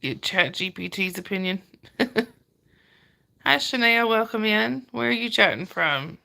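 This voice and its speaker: A chatty woman with a Southern US accent hosts a live chat, reading comments and laughing with her viewers. Her voice is bright and very gravelly with heavy vocal fry. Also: medium pitch, expressive, takes it slowly. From Georgia, US. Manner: chatty, greets viewers by name, laughs often. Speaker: livestream host.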